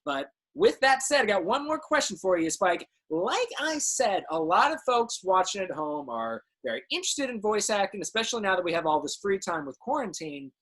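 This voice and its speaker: A woman's voice: mid-range voice, very animated, moderate pace, few pauses, a bit bright. A woman hosting an interview livestream, asking long, chatty, winding questions. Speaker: livestream host.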